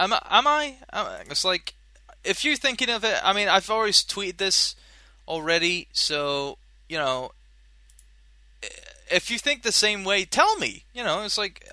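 A young man hosting a casual solo podcast, rambling and animated, swearing casually and laughing at his own jokes. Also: high voice, no room sound. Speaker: podcast host.

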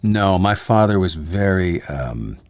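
A man's voice: sits low, expressive, slow pace, darkish tone, no room sound. A man from Ontario, co-hosting a casual radio show, joking and telling stories. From Windsor, Ontario. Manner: jokey, storytelling, breaks into song bits. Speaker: co-host.

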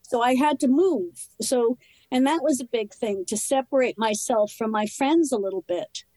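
A woman telling her personal recovery story in conversation, candid and earnest, in short halting phrases. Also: on the high side, warm tone, no echo, poor audio. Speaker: interview guest.

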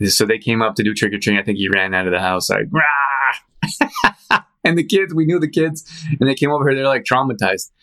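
A man hosting a show, chatting casually in a rambling, animated storytelling way with frequent restarts and fillers. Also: fairly low pitch, quick pace. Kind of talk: casual chat.

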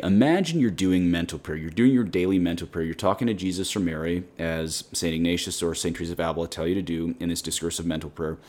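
A man with a very low voice teaches on prayer as a priest hosting his own podcast. He speaks in an earnest, direct and plain-spoken way, as if chatting with his listeners. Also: a little mellow. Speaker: Catholic priest and podcast host. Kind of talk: conversational spiritual teaching.

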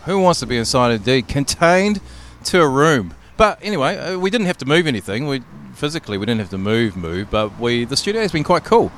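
A man co-hosting a podcast outdoors on a city street, bantering quickly and jokily. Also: medium pitch, sing-song, a bit bright. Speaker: podcast co-host. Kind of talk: casual chat.

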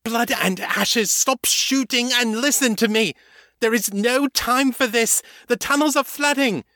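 A man voicing a panicking, furious female vampire in an audiobook, shouting curses in a high, strained voice. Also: a little slow, dry recording, studio quality, full character voice. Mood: frantic, furious.

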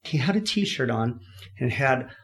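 A man from California, a podcast guest, telling his story in a lively way, laughing often and acting out what people said. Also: mid-range voice, measured pace. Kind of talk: storytelling in an interview.

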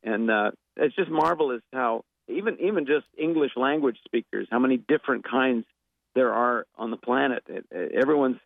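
Over phone-quality audio with no room sound, a man speaks at a moderate pace in a gravelly, medium-pitched voice. As a guest actor and impressionist in a casual interview, he rambles thoughtfully and fills his talk with fillers and restarts.

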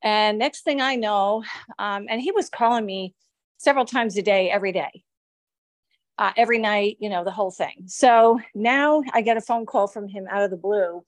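A woman's voice: mid-range voice, normal speed, no echo, studio quality. Woman rambling through her own story. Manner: rambling, with frequent restarts and quoted dialogue. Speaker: victim telling her story. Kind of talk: casual recounting in an interview.

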